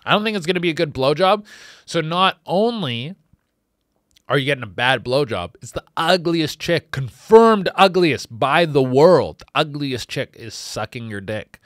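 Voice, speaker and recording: A man hosts a comedic monologue, riffing and rambling. His voice is bright and his pitch swings widely. The sound is dry and close. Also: moderate pace, no echo. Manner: rambling, animated, acts out voices. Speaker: comedian host.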